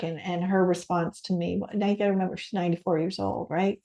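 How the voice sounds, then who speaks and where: A woman's voice: on the low side, little pitch movement, quick pace, few pauses, dark tone, dull audio. A middle-aged Canadian woman, a podcast guest, sharing a heartfelt personal story in an earnest way. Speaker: podcast guest, stress coach and author.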